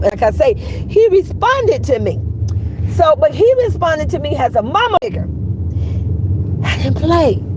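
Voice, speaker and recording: A woman telling a story in casual, animated vlog style, cursing freely and calling her listeners girl and baby. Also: on the high side, noisy background.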